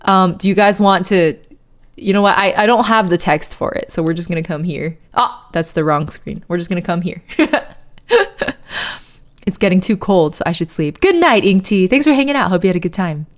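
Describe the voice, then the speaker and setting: A woman's voice: fairly low pitch, animated, moderate pace. A woman streaming live, chatting casually with her viewers, often laughing and reading their messages aloud. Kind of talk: casual chat with live chat readers.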